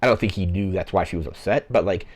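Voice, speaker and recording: Low-pitched and fast, a young man on his podcast gives a casual, meandering summary of a movie's plot, heavy on "like" fillers.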